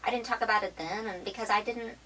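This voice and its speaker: Woman from oklahoma telling a story in an interview, lively and laughy, mic kinda far, noisy background. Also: medium pitch, fast talker. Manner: lively, laughing, quotes people in acted asides. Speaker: interview guest. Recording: distant mic with clear background noise.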